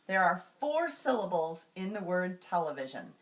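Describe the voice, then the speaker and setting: Woman, instructional walkthrough, measured, clear, medium pitch, slightly distant mic. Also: animated. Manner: clear, measured, slows to sound out example words. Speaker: teacher trainer.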